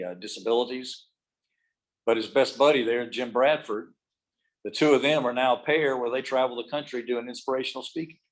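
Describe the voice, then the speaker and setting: A man's voice: medium pitch, poor audio. A middle-aged man giving a motivational speech to a room and an online audience, telling stories and dropping his voice to make a point. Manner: storytelling, drops his voice for emphasis. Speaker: motivational speaker. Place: meeting room with live and video-call audience.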